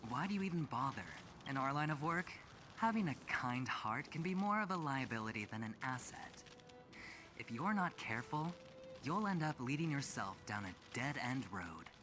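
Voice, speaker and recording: A man's voice: medium pitch, big pitch swings, normal speed, music in the background, close to an everyday voice. An actor playing a smug, teasing young male corporate gambler in a game. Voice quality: teasing, self-assured.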